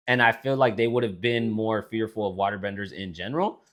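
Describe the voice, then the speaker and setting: A man's voice: on the low side, a little fast, fairly bright tone. A man co-hosting a casual podcast chat, rambling and swearing, with frequent restarts. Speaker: podcast co-host.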